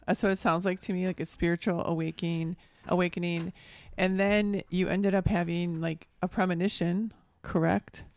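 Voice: mid-range voice, level tone, moderate pace. An interviewer in a casual conversation, rephrasing questions with many fillers and checking understanding.

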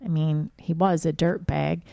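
A woman's voice: low-pitched, fairly even intonation, a little slow, creaky, dark tone, no room sound. A middle-aged woman telling a suspenseful story in casual chat, with a conversational pace and loose fillers.

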